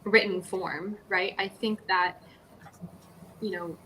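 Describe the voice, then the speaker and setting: A woman's voice: mid-range voice, fairly even intonation, takes it slowly, pushed and bright, slight background noise, low-quality recording. A woman co-hosting a live writing stream, thinking aloud in a casual, musing and slightly rambling way. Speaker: writer co-host of a writing stream.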